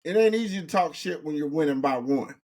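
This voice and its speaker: Man, husky voice, slightly high, casual banter, profane and halting. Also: expressive, darkish tone. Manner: profane trash talk, halting. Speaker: podcast co-host.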